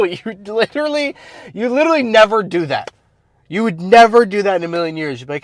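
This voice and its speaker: A man's voice: high-pitched, animated, quick pace, no echo, clean studio sound. A man coaching other men in a casual advice monologue, blunt and slangy, full of "like" and "you know". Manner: blunt, slangy, filler-heavy talk. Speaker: men's self-improvement coach.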